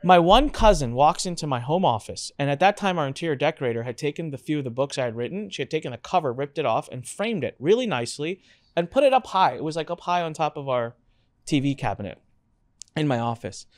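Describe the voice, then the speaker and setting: A male podcast host with a slightly high, very lively voice that swoops up and down as he tells a story. He acts out his relatives' reactions in an animated, casual way. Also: fast talker, no echo.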